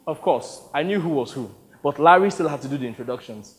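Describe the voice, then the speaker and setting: A man's voice: a little high, animated, quick pace, few pauses. Wry male audiobook narrator, reverberant.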